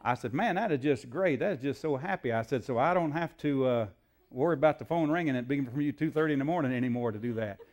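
A preacher man tells a story from the pulpit in an easy, folksy drawl. He slips into the voices of the people in his tale and fills pauses with "uh". His voice sits at a middle pitch. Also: a little mellow. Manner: folksy storyteller, acts out dialogue, frequent fillers. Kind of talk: sermon storytelling.

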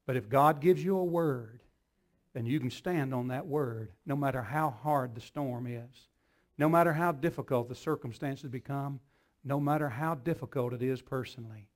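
A man preaching a sermon, asking the congregation rhetorical questions and building to loud, emphatic declarations. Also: mid-range voice, normal speed.

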